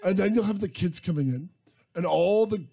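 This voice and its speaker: A man's voice: sits high, lively intonation, brisk, gravelly, warm tone. A man from Detroit co-hosting a radio talk show, teasing his guests with jokey asides. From Detroit, USA. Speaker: radio co-host. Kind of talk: joking radio chat. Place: radio studio.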